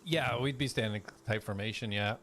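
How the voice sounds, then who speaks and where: Low-voiced man running a tabletop game. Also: moderate pace. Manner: relaxed narration with fillers. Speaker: game master.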